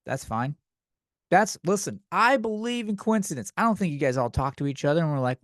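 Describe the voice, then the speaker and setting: A man with a slightly high voice vents on his comedy podcast. He swears often and sounds exasperated, with a pitch that swings widely. The sound is close and dry, with no room echo. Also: lively intonation, a little fast. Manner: profane, exasperated ranting. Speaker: podcast host.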